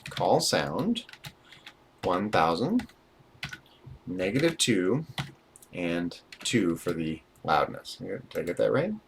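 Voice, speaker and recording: A man's voice: sits low, sing-song, takes it slowly, vocal fry, pauses often, a little hiss or hum. A man reading from a programming book aloud and dictating numbers as he types them, thinking aloud with dry asides. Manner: reads book passages, then dictates numbers while typing. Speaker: instructor working through a programming book. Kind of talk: live-streamed coding lesson, reading aloud and typing. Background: keyboard typing.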